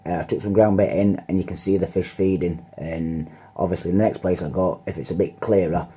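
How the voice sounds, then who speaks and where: A man's voice: low voice, steady tone, a little fast, dark tone, husky. A man talking casually to camera as a fishing vlogger, rambling with lots of fillers. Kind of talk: casual vlog talk to camera. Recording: car noise in background.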